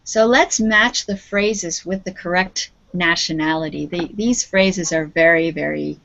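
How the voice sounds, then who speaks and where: A woman's voice: lowish voice, measured pace, vocal fry, a bit bright. A woman with a Canadian accent, teaching an English lesson over a video call and patiently prompting her students. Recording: dull lo-fi video call audio.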